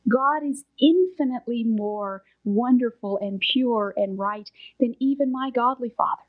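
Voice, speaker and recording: Preaching at a measured pace, this middle-aged woman, a Bible teacher, has a high voice and an earnest, emphatic sermon delivery. She drives her points home firmly, occasionally sinking into a soft whisper to stress them. The audio is narrow and tinny.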